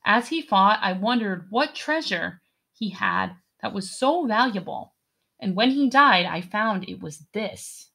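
An imperious pirate captain speaks in a slow, measured way that leaves room for every clipped command. A woman reading aloud gives her a medium-pitched voice, cool and in charge. It is a storybook audiobook voice. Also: big pitch swings, creaky, pushed and bright, exaggerated voice. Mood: reflective. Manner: curt, imperious orders. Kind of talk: audiobook character voice.

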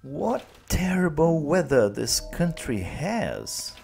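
A man's voice: a little high, very animated, slow pace, vocal fry, a little mellow, soft background music, pitched above the performer's own voice, exaggerated voice. A man voicing a blunt, matter-of-fact American father in a read-aloud story. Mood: dry.

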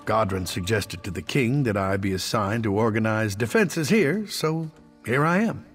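A man's voice: on the low side, lively intonation, normal speed, soft background music, natural voice. A man voicing a dutiful army captain. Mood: matter-of-fact. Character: male army captain, matter-of-fact and dutiful. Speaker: video game character.

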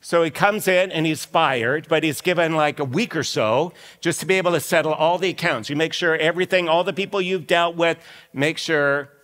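A man preaching a sermon as lead pastor in an animated, conversational storytelling way. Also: on the high side, moderate pace. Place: church sanctuary. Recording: long reverb of a church hall.

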